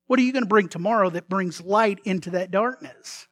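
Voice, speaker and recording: A man preaching a sermon as pastor, telling the story in a lively way, acting out the figures' lines and often repeating words as he restarts. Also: sits high, fairly quick, hardly any pauses, dry recording, clean studio sound. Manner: animated storytelling, acts out characters' lines.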